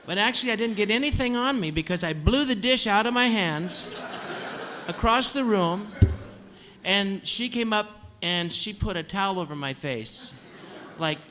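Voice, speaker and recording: On stage in a concert hall, a singer tells a dry, funny story, imitating the nurses and doctors as he goes. His voice sits high and sounds animated and sharp, at a normal pace, with a little hiss or hum underneath.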